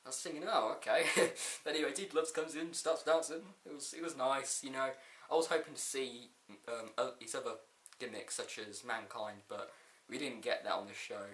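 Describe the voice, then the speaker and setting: A man's voice: medium pitch, fairly even intonation, normal speed, a bit bright, echoey room. A man casually reviewing a wrestling show, laughing often and rambling through a recap with quoted lines.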